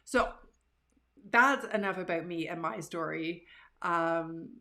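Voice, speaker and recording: A woman, hosting a live show from her living room and telling stories about herself in a casual, animated, self-deprecating way. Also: lowish voice, slow pace. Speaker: livestream show host. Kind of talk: casual storytelling to live viewers.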